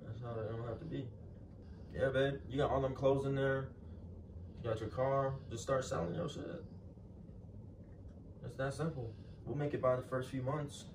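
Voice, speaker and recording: A young man in a casual argument at home, talking in a teasing, slangy, laid-back way. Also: medium pitch. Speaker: prankster vlogger. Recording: roomy, distant and noisy.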